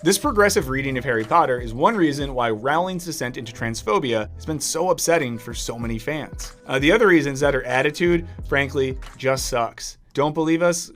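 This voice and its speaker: A man's voice: mid-range voice, fairly bright tone. A man reading a scripted video essay narration in a polished, analytical delivery.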